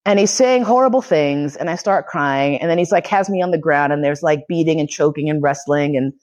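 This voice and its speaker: A woman's voice: low-pitched, a little fast, darkish tone, muffled recording. A woman from New York City hosting a podcast lecture, telling a story in casual, profane talk and laughing often. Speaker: podcast host giving a lecture.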